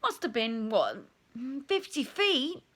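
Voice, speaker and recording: A woman's voice: a little high, huge pitch swings, slow, fairly bright tone, voice pushed up, heavily acted. A woman voicing a worried teenage boy asking after a fallen friend in urgent, raised questions.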